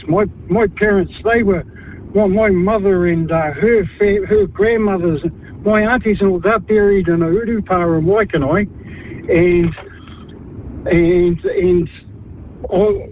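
A high-voiced New Zealand man in his fifties talks earnestly on a radio call-in, stumbling and restarting as he makes his case. The line is thin and phone-like, with faint noise behind. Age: 50s. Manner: earnest, halting, repeats words and restarts. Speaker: caller.

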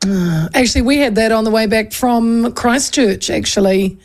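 A woman's voice: fairly high pitch, normal speed. Chatty New woman radio host. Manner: chatty, animated storyteller. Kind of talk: casual radio chat.

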